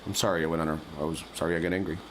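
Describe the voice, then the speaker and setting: A man hosting a comedy call-in show, delivering deadpan rants that flare into yelling. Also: sits low, rapid-fire, slight background noise. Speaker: host.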